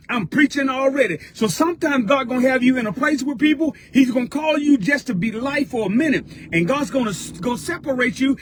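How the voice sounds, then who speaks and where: A man's voice: extremely high pitch, expressive, brisk, hardly any pauses, a bit bright. A man giving a fervent, preaching-style motivational talk as a mentor, repeating his points in a colloquial way. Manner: fervent, repetitive, colloquial exhortation.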